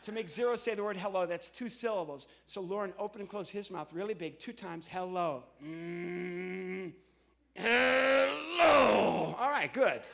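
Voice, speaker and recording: A man from New Jersey, a ventriloquist and comedian, cheerfully coaching volunteers on a church stage. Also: sits high. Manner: upbeat, coaxing, gives quick instructions to volunteers. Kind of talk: live comedy stage show. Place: church stage before an audience.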